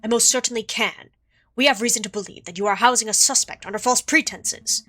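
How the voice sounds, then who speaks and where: A woman voicing a confident male bird defense attorney in a game playthrough, brisk and authoritative. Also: a little high, sharp tone, faint music behind. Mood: commanding. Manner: brisk, authoritative bluffing legalese. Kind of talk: reading game dialogue aloud.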